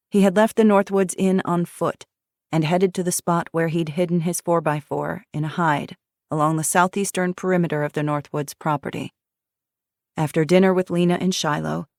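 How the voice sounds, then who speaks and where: A woman narrating an audiobook in a steady, measured reading style into a close mic. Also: deep voice, no room sound. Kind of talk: scripted narration.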